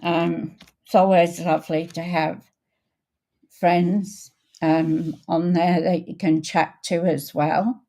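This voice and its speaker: An older woman hosting a casual card-making livestream, chatting in an unhurried way with many ums and greeting viewers by name. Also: fairly low pitch, flat delivery, dark tone. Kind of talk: casual crafting livestream chat.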